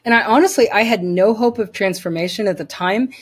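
A woman's voice: medium pitch, a little fast, breathy edge. Woman, interview guest, personal testimony, earnest, emphatic. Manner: earnest, emphatic, with repeated word restarts.

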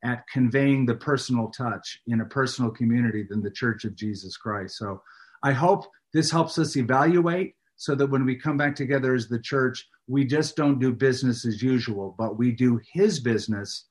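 Middle-aged pastor guy chatting in an interview, lively preachy emphasis, mid-pitch voice. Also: normal speed. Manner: animated, speaks with a preacher's emphasis. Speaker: pastor and author, guest. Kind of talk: casual interview chat.

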